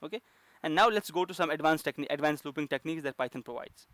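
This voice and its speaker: A man's voice: fairly high pitch, fast talker, fairly bright tone, no room sound. A man teaching a coding lesson, explaining step by step with frequent fillers and restarts. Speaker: programming instructor.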